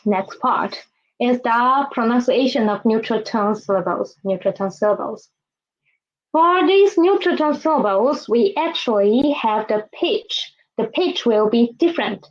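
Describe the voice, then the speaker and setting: A woman's voice: on the high side, animated, muffled recording. A woman with a Mandarin Chinese accent teaching a language lesson, patiently modeling words for students to repeat. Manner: slow, patient, modeling tones for repetition.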